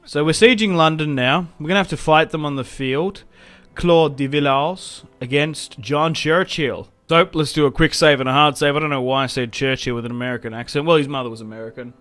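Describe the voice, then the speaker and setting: A young man giving casual commentary over a strategy game, chatty and quick to react loudly when things go wrong. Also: on the high side, clean tone, faint music behind. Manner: chatty, reacts loudly to setbacks, self-mocking laughs. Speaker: gaming YouTuber.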